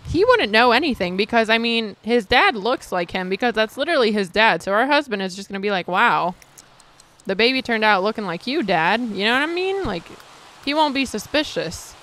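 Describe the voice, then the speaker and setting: A woman giving casual, excitable commentary over her own gameplay, chatting with viewers and reacting dramatically. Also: on the high side, a little fast. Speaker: gaming video creator.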